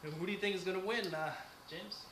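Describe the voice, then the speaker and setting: A man's voice: sits high, fairly even intonation, fast talker. A man co-hosting a casual wrestling chat, announcing each match and giving his pick. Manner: announcer-like, reads out match cards. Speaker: co-host. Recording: echoey room with faint noise.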